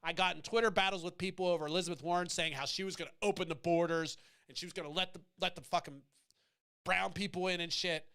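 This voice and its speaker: A man with a high, bright, clean voice rants about politics, swearing freely and meaning to provoke. He drifts off on tangents and pulls himself back with a shrug. His delivery is blunt and unapologetic. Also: steady tone, quick pace, clean tone. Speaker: podcast host. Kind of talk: profane political rant.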